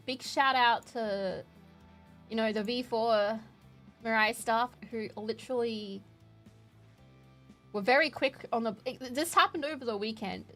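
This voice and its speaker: A young Australian woman streamer chatting casually, animated and emotional, laughing often. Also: a little high. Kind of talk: casual chat.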